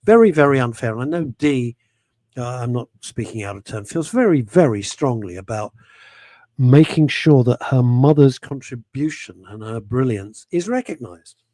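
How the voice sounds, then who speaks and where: A man hosts a talk radio show, his pitch swinging widely as he presses each point with emphatic, repeated words. The sound is close and dry, with no room echo. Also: expressive, normal speed, mellow. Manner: passionate, emphatic opinions with repetitions. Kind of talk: casual talk radio chat.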